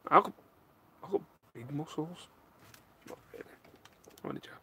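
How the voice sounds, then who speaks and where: A man's voice: fairly high pitch, wildly swooping pitch, moderate pace, creaky, bright, forceful tone, husky. A man casually chatting from his home loft, reading viewer questions aloud and answering with self-mocking jokes. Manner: jokey, self-mocking, reads out comments. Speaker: live stream host answering viewer questions. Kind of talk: casual chat.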